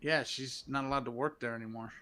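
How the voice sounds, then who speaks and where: A man's voice: medium pitch, steady tone, fast talker, bright, forceful tone. A man in casual podcast chat, joking and emphatic.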